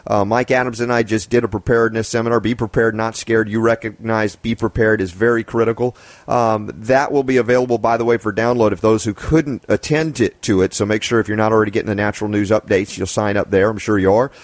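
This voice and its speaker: Low-voiced male host, dry close sound. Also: steady tone, fast talker, no room sound. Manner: affirming, plugs the show and a seminar. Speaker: show host. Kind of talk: casual interview chat.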